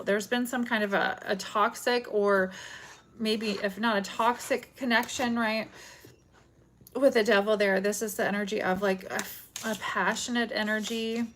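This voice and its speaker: A woman giving a chatty, rambling live tarot reading, often breaking into giggles, recorded at home. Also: medium pitch. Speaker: tarot reader. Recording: noisy home stream with card shuffling.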